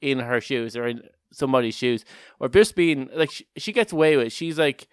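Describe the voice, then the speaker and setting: A man's voice: mid-range voice, a little fast, clear, resonant tone, no echo, studio quality. A man co-hosting a casual podcast chat, rambling, restarting often and laughing a lot. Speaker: podcast co-host.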